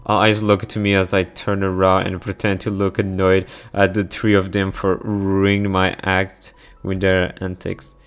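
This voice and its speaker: A man reads the narration of a visual novel aloud in brisk first person and sometimes breaks off at his own slips. His voice sits fairly low. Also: completely flat delivery. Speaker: game streamer reading a visual novel. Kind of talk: reading game narration aloud.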